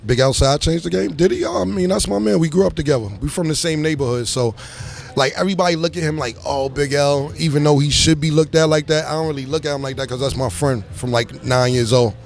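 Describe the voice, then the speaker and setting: A man's voice: fairly high pitch, fast, gravelly. A middle-aged man with a New York accent and a slight lisp, talking casually as an interview guest in a music club. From Harlem, New York. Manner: laid-back, drawling, with a slight lisp. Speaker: rapper guest.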